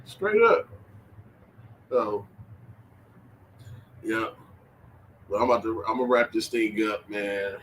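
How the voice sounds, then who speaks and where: A man hosting a casual sports-talk livestream, animated and slangy, laughing and trash-talking as he reacts to chat. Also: lowish voice, a little hiss or hum, low-quality recording. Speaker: livestream host.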